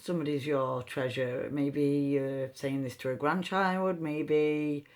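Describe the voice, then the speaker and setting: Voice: mid-range voice, steady tone, slow pace. A rune reader giving a meandering, free-associating reading with chatty asides. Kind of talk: slow intuitive card-style reading.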